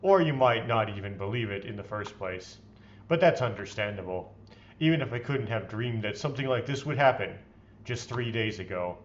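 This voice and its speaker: A man with a lowish, animated voice hosts a let's play, reading visual novel lines in a playfully theatrical way and adding his own remarks. He keeps a moderate pace, and the recording is muffled with a little hiss or hum.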